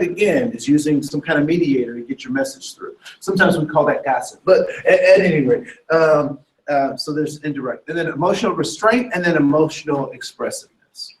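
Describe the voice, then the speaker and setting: A man leading a workshop on cultural communication, animated, asking the room questions and acting out what people say. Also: fairly high pitch. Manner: animated, asks the room questions, acts out quotes. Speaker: diversity trainer. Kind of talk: workshop lecture. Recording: echoey room, from a distance.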